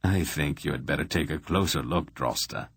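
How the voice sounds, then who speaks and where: A man's voice: very deep voice, normal speed, a bit bright, husky, no echo, exaggerated voice. A man voicing a sly male spy with a dry, wry way of speaking in an audiobook.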